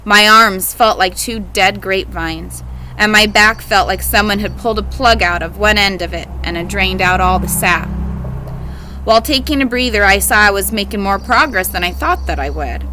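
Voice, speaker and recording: Woman, audiobook reader, bright voice, expressive storytelling, reading a novel aloud. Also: mid-range voice, normal speed, slight background noise, rough recording.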